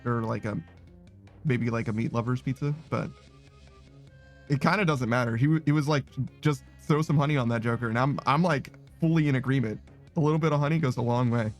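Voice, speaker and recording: A man's voice: mid-range voice, fairly quick. Casual male streamer, easygoing and chatty, faint music underneath. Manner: laid-back, rambling, laughs often. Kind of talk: casual chat reading out chat messages.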